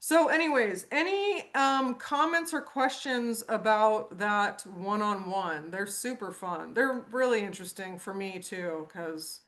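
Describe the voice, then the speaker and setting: A woman's voice: measured pace, few pauses. A middle-aged woman hosting a casual horse training group call, telling stories and acting out quotes with big jumps in her voice. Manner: animated storyteller, acts out quotes with big pitch jumps.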